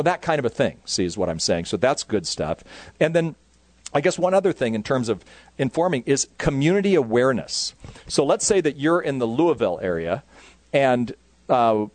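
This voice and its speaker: Male youth ministry speaker, casual and rambling, with mid-range pitch and a dry close sound. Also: darkish tone, dry recording. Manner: casual, rambling, many fillers. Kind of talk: conference talk to youth workers.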